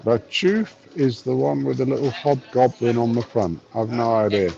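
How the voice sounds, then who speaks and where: A man's voice: mid-range voice, moderate pace, gravelly, few pauses, warm tone, muffled recording. A man in his fifties, live streaming from a bar on his phone, chatting wryly and reading chat messages aloud. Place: bar, drinking a pint.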